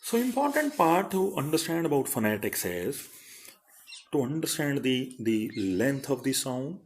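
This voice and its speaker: A man's voice: mid-range voice, big pitch swings, a little slow. A middle-aged man giving an online phonetics lecture as a college principal, carefully repeating word pairs to demonstrate sounds.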